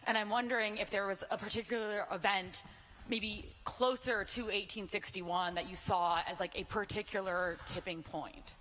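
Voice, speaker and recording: A woman in the audience asks a considered question, her voice bright and crisp as she feels her way with fillers. Her voice carries a long reverb from the hall, with faint hiss behind it. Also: mid-range voice, steady tone, moderate pace. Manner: thoughtful, lots of "like" fillers. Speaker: audience member asking a question.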